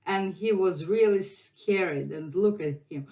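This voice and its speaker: A middle-aged woman with a Russian accent teaches a language lesson at a very slow, deliberate pace. She patiently repeats each word for her learners, and the lo-fi recording sounds dull. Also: on the low side, warm tone.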